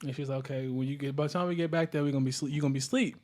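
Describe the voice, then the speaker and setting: A man hosting a podcast, chatting casually and telling a lively, slangy story about a surgery. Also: on the high side, very fast. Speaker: podcast host. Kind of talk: casual chat.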